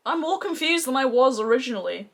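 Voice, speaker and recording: A woman's voice: high-pitched, animated, quick pace, creaky, fairly bright tone. A woman with an Australian accent gushes in a chatty, casual makeup review. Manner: gushing, chatty, effusive. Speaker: beauty vlogger.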